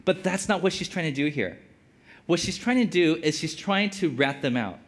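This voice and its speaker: A man's voice: fairly high pitch, animated, normal speed. A man giving casual Bible teaching as a preacher, conversational and full of filler words. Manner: conversational, lots of "like" fillers, acts out quotes.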